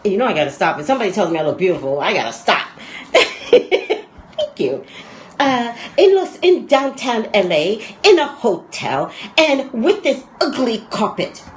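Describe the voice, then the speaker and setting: A rambling, talkative woman hosts a casual chat show. Her pitch swings widely as she talks. A faint hiss sits under her voice. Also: sing-song, moderate pace, rough recording. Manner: rambling, chatty, laughs often. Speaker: talk show host.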